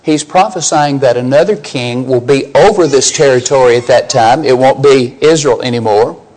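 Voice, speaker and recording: A man's voice: mid-range voice, normal speed, darkish tone, rough recording. A man preaching a sermon, emphatic, putting questions to his listeners and rising on key scripture lines.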